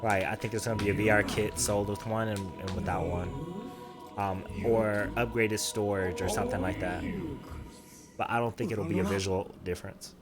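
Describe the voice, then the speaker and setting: A man's voice: fairly low pitch, fairly even intonation, normal speed. A man streaming a game, chatting casually and thinking aloud with lots of hedging. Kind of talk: casual gaming commentary. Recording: voice over loud game music. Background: loud game music.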